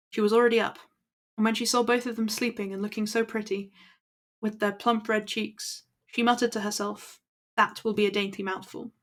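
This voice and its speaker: A woman reading old fairy tales aloud to her stream at an easy pace, with small slips. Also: medium pitch. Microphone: laptop built-in mic.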